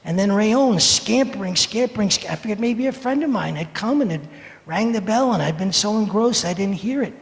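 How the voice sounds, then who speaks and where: A man in his seventies from the United States telling a story for all ages in a service, animated and playful as he acts out the moments. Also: high-pitched, moderate pace, vocal fry. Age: 70s. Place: sanctuary. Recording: echoey hall reverb.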